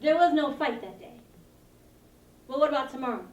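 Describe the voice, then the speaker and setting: A woman's voice: high voice, expressive, moderate pace. A woman playing a lonely, awkward seventh-grade girl who rambles and giggles self-consciously while confiding to her camcorder. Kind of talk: confessional monologue to a camcorder. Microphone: camcorder mic. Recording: roomy sound from a distance.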